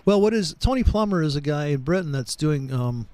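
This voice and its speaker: A man's voice: a little high, lively intonation, a little fast, a little mellow, dry recording, poor audio. A man hosting a casual trading chat, rambling through stories and swearing freely as he talks over charts. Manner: rambling, profane, storytelling. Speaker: trading show host.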